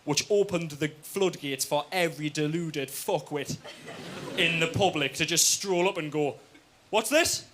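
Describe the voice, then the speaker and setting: A young man with a Geordie accent performing stand-up comedy, telling a story with lively "right?" asides. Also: on the high side, normal speed, background noise. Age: young adult.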